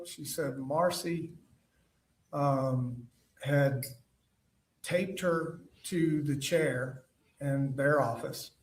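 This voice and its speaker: A man giving witness testimony in court, telling his story haltingly with lots of fillers and restarts. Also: medium pitch, fairly even intonation. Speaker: trial witness. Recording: roomy, distant courtroom mic.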